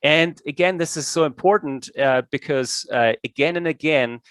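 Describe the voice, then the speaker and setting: A man's voice: on the high side, moderate pace, fairly bright tone, no room sound. A middle-aged man with a German accent, giving an online science lecture in a hesitant way, full of fillers and restarts. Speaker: presenter, ecology professor. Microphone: video call.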